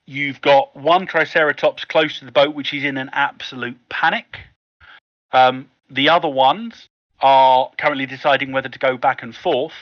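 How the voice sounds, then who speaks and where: Casting: male game master, bright, dry close sound, slightly dull audio, narrates with ums. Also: medium pitch, fairly even intonation, no room sound. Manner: descriptive, unhurried with fillers.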